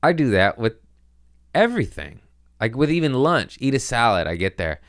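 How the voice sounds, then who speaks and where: A man's voice: deep voice, expressive, moderate pace, gravelly, fairly bright tone, smooth, no echo, clean studio sound. A man hosting a podcast, rambling through a profane, self-mocking comedic monologue in casual chat. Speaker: podcast host.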